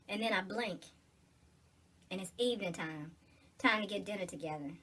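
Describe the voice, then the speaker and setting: Bright, husky-voiced woman chatting casually. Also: mid-range voice, normal speed, long pauses. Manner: chatty, loose and joking, with slangy informal speech. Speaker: vlogger. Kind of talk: casual rambling vlog monologue.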